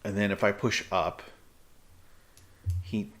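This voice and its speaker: A man streaming live chess, thinking aloud in halting, muttered bursts as he calculates moves. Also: fairly low pitch, expressive, fairly bright tone.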